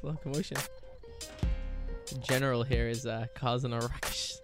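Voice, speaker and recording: A man's voice: mid-range voice, steady tone, normal speed. A young man hosting a college radio show, talking casually and rambling with lots of fillers. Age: young adult. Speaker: radio DJ host. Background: faint music.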